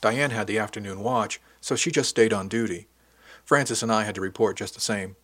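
Low-voiced male audiobook narrator. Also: steady tone, brisk, a bit bright. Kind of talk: first-person novel narration.

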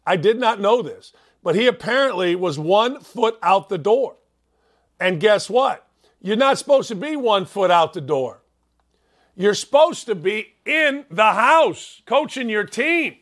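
A man's voice: high-pitched, fairly bright tone. A man from Northwest Indiana with a Chicago accent, delivering a blunt, brash sports talk monologue as host and mocking himself freely.

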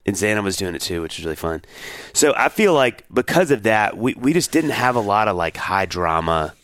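Podcast co-host, man, 40s, deep and lively, dry close mic. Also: a little fast, no echo. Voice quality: animated, rambling with restarts. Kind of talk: casual chat.

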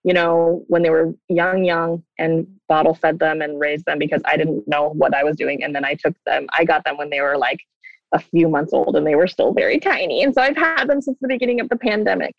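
A woman's voice: low voice, fairly quick, vocal fry. A woman talks casually as an interview guest, rambling through her answers with lots of fillers. Her voice comes through a dull, lo-fi remote line with a dry sound and no room echo. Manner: chatty, rambling, with many fillers.

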